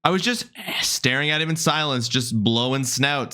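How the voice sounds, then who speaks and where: A man's voice: mid-range voice, moderate pace, bright, forceful tone, clear, resonant tone, soft background music. A young adult man live-streaming a game, chatting casually with his viewers, greeting them by name and joking as he trails off mid-sentence.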